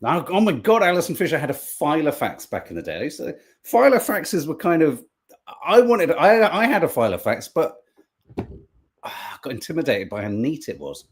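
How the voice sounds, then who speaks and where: Brief: a male co-host, lively and sweary, slightly higher voice, swinging pitch. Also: moderate pace. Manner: jokey, animated, swears freely. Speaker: podcast co-host. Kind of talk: casual live-stream chat, reading viewer comments.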